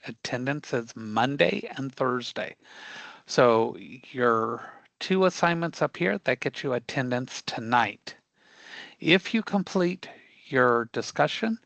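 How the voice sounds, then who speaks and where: A man's voice: medium pitch, fairly bright tone, dry recording. Panamanian man teaching with a Spanish accent. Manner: repetitive, checks in with frequent "okay?". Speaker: instructor. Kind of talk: live online class instruction.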